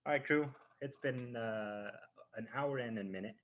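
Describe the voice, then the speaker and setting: A man hosting a live stream, casually telling a family story in an animated, rambling way full of restarts and sound effects. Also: mid-range voice, normal speed, slight background noise.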